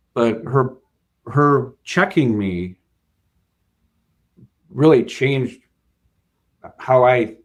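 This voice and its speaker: A man, a bank finance executive, being interviewed and earnestly recounting a work story, with frequent fillers and restarts. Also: mid-range voice. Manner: earnest, hesitant with many fillers and repeated starts. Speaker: bank CFO, guest.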